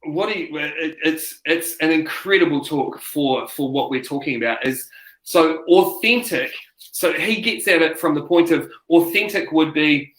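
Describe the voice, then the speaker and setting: Kiwi guy, speaker coach type, animated yarn-spinner, bit higher voice, echoey room. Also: measured pace. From New Zealand. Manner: animated storyteller, acts out quotes, many restarts. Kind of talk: casual interview chat. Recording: roomy echo.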